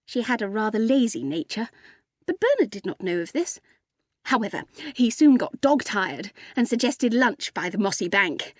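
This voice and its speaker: A woman narrating a storybook in an even, gently amused storytelling manner. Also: a little high, normal speed, no room sound, clean studio sound. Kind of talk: storybook reading.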